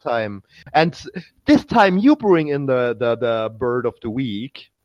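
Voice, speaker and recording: Slow, halting German man. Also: medium pitch, very animated, no echo, dull audio. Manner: halting, with many restarts. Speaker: podcast co-host. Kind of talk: casual chat.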